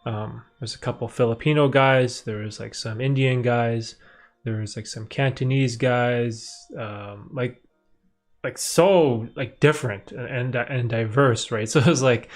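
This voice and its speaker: A man's voice: mid-range voice, steady tone, a little slow. Rambling young man, faint music behind. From Canada. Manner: rambling, many fillers and restarts. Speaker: livestream host answering viewer questions. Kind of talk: casual live-stream chat.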